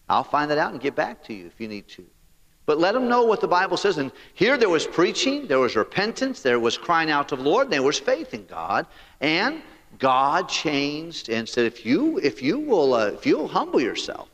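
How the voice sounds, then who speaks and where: Male preacher, higher-pitched, very animated delivery, long church reverb. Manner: animated, rising and falling emphasis, paraphrasing scripture in character. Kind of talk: sermon. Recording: hall reverb.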